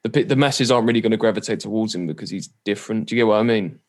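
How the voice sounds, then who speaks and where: A man's voice: lowish voice, very fast. A man co-hosting a casual podcast, thoughtful and hesitant, with many fillers as he searches for words. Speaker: podcast co-host. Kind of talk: casual chat.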